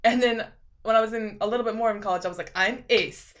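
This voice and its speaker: A woman in her twenties with a noticeable lisp hosts a relaxed live stream, answering comments as she goes. Her voice sits a bit above the usual height for a woman. She rambles, restarts herself and laughs easily between thoughts. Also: on the high side, racing. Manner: rambling, filler-heavy, laughs often. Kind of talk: casual chat reading viewer comments.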